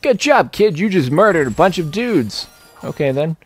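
A man's voice: on the high side, big pitch swings, moderate pace, faint music behind. A young man giving casual, joking commentary as he plays a video game, rambling and talking back to the characters on screen. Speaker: let's play host.

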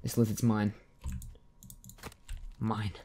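A man giving let's play commentary at his computer, joking and reacting with excitement to the game as he plays. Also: on the low side, drawn-out words. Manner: excitable, jokey, yelps and laughs at the game. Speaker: gaming YouTuber.

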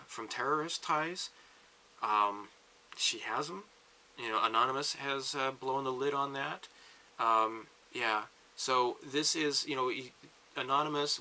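A man giving a long political rant as a vlogger, talking in bursts with halting restarts. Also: on the low side, pushed and bright, poor audio.

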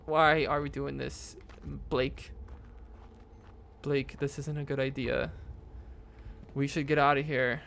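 A man's voice: medium pitch, little pitch movement, slow, gravelly, long pauses, fairly bright tone, a little hiss or hum. A young man commentating a horror game, nervous and jumpy, talking to viewers with lots of fillers and frightened exclamations. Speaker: gaming YouTuber. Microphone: desk mic with face cam.

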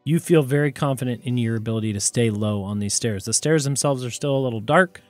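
Man, game master, relaxed conversational narration, mid-pitched voice. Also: fast talker, soft background music.

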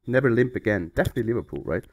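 A man's voice: medium pitch, expressive, racing, darkish tone, no echo, studio quality. A man hosting a comedic game playthrough, playful and mock-flustered as he rambles along. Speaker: YouTube gaming host.

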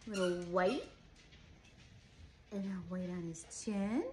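A woman's voice: medium pitch, slow pace, long pauses, a little mellow, slight background noise. A woman who breeds dogs, showing puppies one by one and cooing at them in baby talk. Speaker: dog breeder. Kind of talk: cooing puppy showcase.

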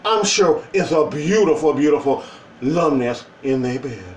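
A man's voice: on the high side, expressive, moderate pace, roomy sound, distant mic, a little hiss or hum, low-quality recording. A man talking casually in a joking opinion vlog, with playful asides and put-on voices. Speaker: vlogger.

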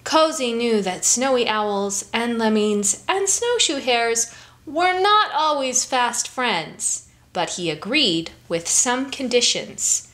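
Woman, story time reader, picture book read-aloud, slow, very expressive. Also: on the high side.

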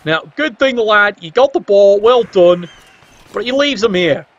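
Man, high voice, wry teasing play-by-play, exclamatory, dull lo-fi sound. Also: animated, normal speed, no echo. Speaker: game commentator. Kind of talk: casual play-by-play commentary.

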